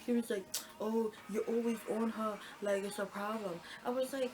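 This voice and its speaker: A woman's voice: medium pitch, normal speed, noisy background. Young woman telling a storytime. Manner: animated retelling, acts out quoted lines. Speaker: storytime vlogger. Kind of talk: casual storytime.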